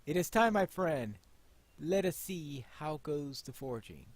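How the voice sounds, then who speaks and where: A man voicing a grave, noble ranger lord, reading game dialogue aloud in a slow, lowered, measured voice. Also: big pitch swings. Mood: solemn.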